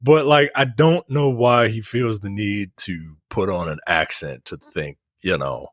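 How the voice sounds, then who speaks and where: A man's voice: fairly low pitch, measured pace, no room sound. A man co-hosting a casual film podcast, talking loosely and rambling, recorded close and dry. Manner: loose and rambling, with many restarts. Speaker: podcast co-host.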